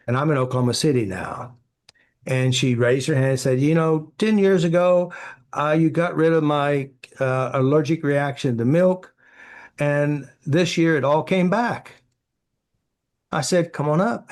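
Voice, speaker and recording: A man, a therapy practitioner, answering interview questions with anecdotes, acting out quoted dialogue and filling with "you know". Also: on the high side.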